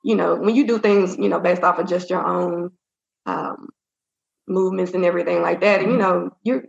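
A woman's voice: fairly low pitch, steady tone, moderate pace, creaky. A woman in an interview, speaking candidly and rambling through a personal story with lots of fillers. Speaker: interview guest. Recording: roomy, dull-sounding audio.

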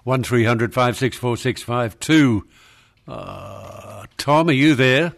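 Man, radio host, blunt, dry, dismissive, mid-pitched voice. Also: takes it slowly, creaky, soft background music. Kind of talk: talk radio.

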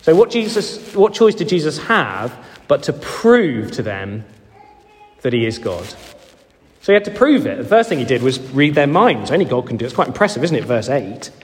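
A man's voice: medium pitch, big pitch swings, normal speed. A man, a vicar, preaching a sermon in a church and acting out the voices of people in the story. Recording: long echoey church reverb.

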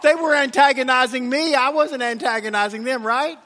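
A man's voice: extremely high pitch, moderate pace, pushed and bright, long reverb tail. A man preaching a sermon as pastor, telling a funny story and playing the voices in it. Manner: humorous, acts out voices in anecdotes. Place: church sanctuary.

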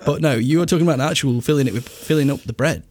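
A man's voice: medium pitch, breathy edge. A man co-hosting a casual podcast, chatty and giggly, asking questions and joking. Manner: chatty, giggly, quick to joke and ask questions. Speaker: podcast co-host. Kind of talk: casual food chat.

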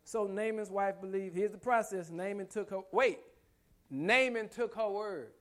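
A man's voice: high voice, a little slow, a bit bright. A man preaching a sermon with emphatic rhetorical questions and humorous asides. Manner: humorous asides, laughs often.

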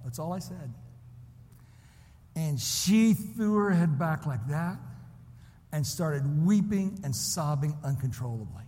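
A high-voiced man from Illinois preaches, drifting between hushed, tender storytelling and fervent cries to the congregation. His voice rings with the long reverb of a large church hall. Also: lively intonation, slow, pauses often. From Illinois, USA. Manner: emotional storytelling that swells into impassioned preaching. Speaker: preacher at a missions convention. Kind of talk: sermon.

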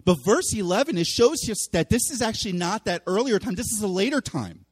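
A male pastor delivers a sermon in a fairly high voice, lively and dramatic. He acts out the voices of people he quotes, moving from quiet to loud. The voice rings with the long reverb of a church hall. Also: a little fast, husky. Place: church sanctuary.

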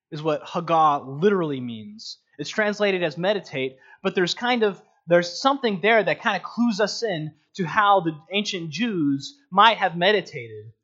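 A man giving an earnest, unhurried teaching on meditating on scripture, often restarting his sentences. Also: sits high, a bit bright. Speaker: Bible teacher. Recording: dull lo-fi recording.

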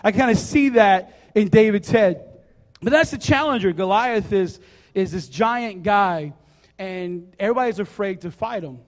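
A man preaching a sermon, joking and acting out a story in a casual, animated way. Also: high voice, moderate pace. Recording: reverberant hall.

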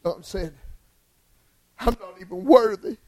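A male preacher delivering an impassioned sermon in church, swinging from hushed lines to shouted ones. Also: high-pitched, wildly swooping pitch, slow, creaky, low-quality recording.

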